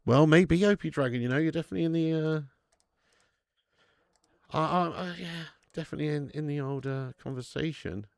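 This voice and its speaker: A man with a fairly high, slightly fast voice and some vocal fry hosts a football watch-along for his fan channel, streaming live from his home garage setup. He chats casually, swears, and reads out viewer messages, and the audio has no echo.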